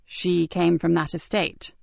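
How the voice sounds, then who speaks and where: A woman voicing a calm, thoughtful male detective sergeant in an audiobook, speaking in a measured way. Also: fairly low pitch, vocal fry, no echo. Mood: pensive. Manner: measured and pensive. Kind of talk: audiobook character voice.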